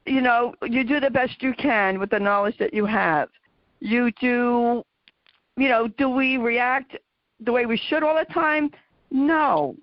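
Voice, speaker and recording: A woman's voice: a little high, unhurried, dry recording, dull audio. A woman hosting a show for caregivers, chatting in an encouraging way with her guest. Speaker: podcast host for caregivers. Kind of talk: interview conversation.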